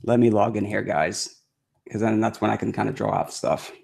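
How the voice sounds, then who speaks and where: Low gravelly man streaming crypto charts. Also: moderate pace, darkish tone. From United States. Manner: chatty, many fillers, reads announcements aloud with annoyance. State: losing his voice. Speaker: crypto trading livestream host. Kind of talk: casual live-stream chart talk.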